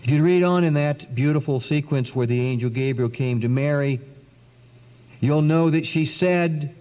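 A man giving an earnest, dramatic spoken testimony to an audience, with long pauses and sudden swings in pitch. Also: warm tone. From South Carolina. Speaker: speaker giving a testimony talk. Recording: dull lo-fi 1990s recording in a long-echo hall.

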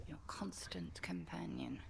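A woman voicing a wise older witch mentor in a video game, speaking low and measured. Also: lively intonation, vocal fry, whispered, full character voice. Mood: solemn. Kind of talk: voiced video game dialogue.

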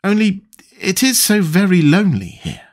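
Polite little girl read by a man, gentle and raised in pitch, lively, audiobook. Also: normal speed. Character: polite, curious seven-year-old girl. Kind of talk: audiobook character voice.

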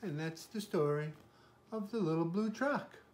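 An older man, a grandfather, reading a picture book aloud in a gentle way and pausing to point out the pictures. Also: on the high side.

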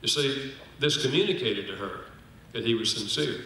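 A man's voice: mid-range voice, moderate pace, pushed and bright, slight background noise. An older man speaking at a conference, teaching with stories and acting out the quoted lines, joking with the audience. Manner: storytelling, acts out quoted lines, jokes with the audience. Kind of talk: sermon-style teaching with anecdotes. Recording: roomy hall audio from a distant mic.

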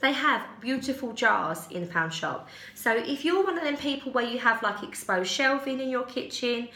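A young woman chats her way through a haul in a casual, rambling manner, often stopping to correct herself. Her voice is bright and a little high. The room around her rings with echo. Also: animated, normal speed. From United Kingdom. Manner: chatty, rambling, self-correcting with giggles. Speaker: haul vlogger. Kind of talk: casual chat. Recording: echoey room.

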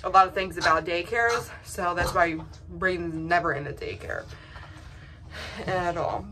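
Rambling young woman vlogging, slightly low. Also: expressive, a little slow, noisy background. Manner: rambling, emotional, many fillers and restarts. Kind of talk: casual vlog chat.

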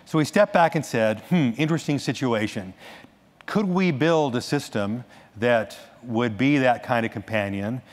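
A man giving a conference talk on stage, animated, restarting sentences and adding asides as he goes. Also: mid-range voice, a little slow. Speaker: conference speaker. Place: large conference hall. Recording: echoey hall reverb.

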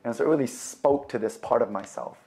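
A young man telling his faith testimony in a relaxed, conversational way, with fillers and replayed conversations. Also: medium pitch, a little fast. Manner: animated, acts out both sides of remembered conversations. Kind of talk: personal storytelling.

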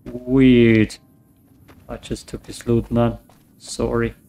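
A man talks through his game at an unhurried pace, his voice gravelly and worn, going hoarse as he plays. He mutters and grumbles to himself between lines, cursing at the screen. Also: mid-range voice, level tone, dark tone, slight background noise. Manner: mutters to himself, swears often. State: voice getting hoarse. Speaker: let's play gamer. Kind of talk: casual gameplay commentary.

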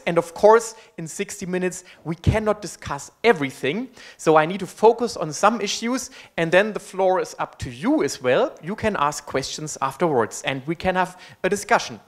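A man from Germany with a German accent gives a public university lecture in English through a microphone, friendly and joking, with frequent ums and uhs. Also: high voice. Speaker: guest lecturer. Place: university hall. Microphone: amplified microphone.

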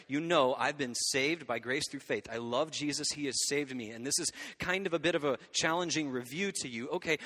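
Animated man preaching in a reverberant hall. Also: medium pitch. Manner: animated, conversational preaching with frequent check-ins to the audience. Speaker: pastor. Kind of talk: sermon. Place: church hall.

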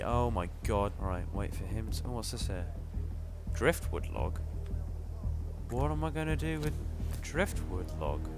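A man's voice: lowish voice, animated, measured pace, long pauses. A young man commenting playfully on a game he plays, joking and exclaiming to himself. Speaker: gamer. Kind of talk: let's play commentary. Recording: game music behind the voice.

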